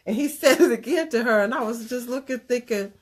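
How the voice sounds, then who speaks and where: A woman telling a personal story in a conversational talk, animated and earnest, drifting into preachy asides. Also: a little high, fairly quick. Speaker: speaker sharing a personal story. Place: Chicago area.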